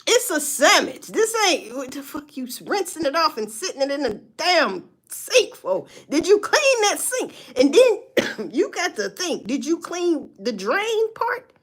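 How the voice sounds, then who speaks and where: A woman in her forties talks in a casual rant, her strong and her voice sitting a little high. Her pitch swings widely as she swears and tells stories between laughs. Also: unhurried. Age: 40s. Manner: loud, swearing, animated storytelling with laughs.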